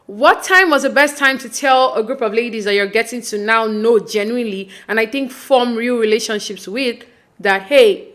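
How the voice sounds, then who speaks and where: A woman's voice: on the high side, moderate pace, fairly bright tone. A woman hosting a casual podcast recap of a reality show, chatty and opinionated, with lots of fillers and restarts. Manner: acts out quoted lines with mock voices.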